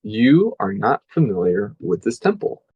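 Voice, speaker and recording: A man's voice: on the low side, very animated, a little slow, a little mellow, husky, dry recording, muffled recording. Casual man game master, dry sound. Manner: casual, many fillers and restarts. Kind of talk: narrating a tabletop game.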